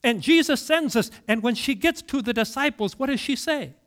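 Male preacher, high and lively pitch, dramatic storytelling sermon delivery. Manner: storytelling with dramatic pauses and swings in loudness.

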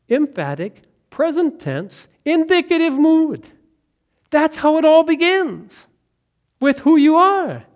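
Animated male preacher, high lively voice. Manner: animated, swings from loud emphatic lines to quiet hushed ones; laughs and asks listeners questions. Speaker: pastor. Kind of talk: sermon.

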